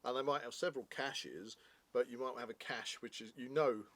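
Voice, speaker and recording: A man's voice: mid-range voice, brisk, a bit bright. Chatty man reviewing snacks. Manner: chatty, jokey, explains at length. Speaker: product reviewer, co-host. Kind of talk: casual review chat.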